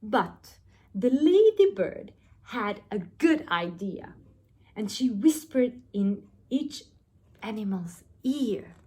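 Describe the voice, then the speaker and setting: A woman reading a picture book aloud for young children, stretching her words slowly. Her pitch swoops widely and sits a little high, with a husky edge. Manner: expressive, drawn-out storytelling. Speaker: nursery teacher.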